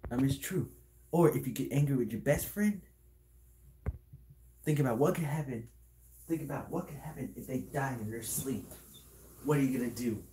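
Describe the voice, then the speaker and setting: A man's voice: mid-range voice, moderate pace, long pauses, mellow, reverberant, a little hiss or hum, low-quality recording. A man talking to camera in a casual vlog, handing out earnest life advice in a rambling, repetitive way, with many restarts. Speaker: video creator. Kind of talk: casual motivational talk to camera.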